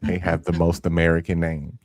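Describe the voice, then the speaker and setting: A man's voice: sits low, completely flat delivery, fairly quick, darkish tone, no echo. A man co-hosting a casual podcast, trading wisecracks and laughing along. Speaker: podcast co-host. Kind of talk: casual chat.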